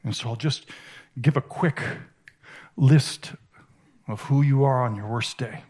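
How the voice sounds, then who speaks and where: A man giving a sermon as a conference speaker, animated and emphatic, swinging between hushed and raised delivery. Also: medium pitch, measured pace. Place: conference hall.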